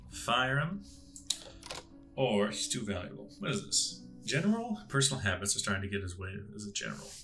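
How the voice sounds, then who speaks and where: A man's voice: fairly low pitch, sharp tone. A man casually talking himself through a strategy game, musing aloud with puzzled asides. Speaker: gaming channel host.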